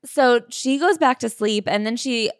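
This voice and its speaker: A woman co-hosting a casual podcast, talking bluntly about a memoir and reading passages from it in a measured way. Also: fairly high pitch, no echo, studio quality. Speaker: podcast co-host.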